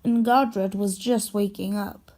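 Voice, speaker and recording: A woman narrating a fan-made toy train story with plain, steady telling. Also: mid-range voice, slow pace.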